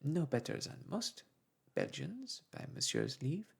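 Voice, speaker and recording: A man playing a calm, polite young servant. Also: on the high side, takes it slowly, creaky, slightly rough, voice pushed up, exaggerated voice. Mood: deferential. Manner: calm, deferential. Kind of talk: whispered role-play.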